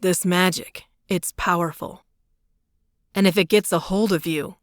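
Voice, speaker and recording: Brief: woman narrator as a steady, protective male lead, low and firm, dry close sound. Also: measured pace, no room sound, close to an everyday voice. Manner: firm and soothing. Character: protective, steady young man with magic. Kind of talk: audiobook character reading.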